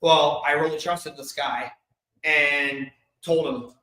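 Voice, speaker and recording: A man with a bright, ringing, fairly high voice tells his own story to an audience. He talks openly and emotionally, with quick bursts of humor. The sound carries the echo of a large event hall. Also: fairly even intonation. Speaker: speaker sharing his life story. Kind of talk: candid personal storytelling to an audience. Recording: echoey hall.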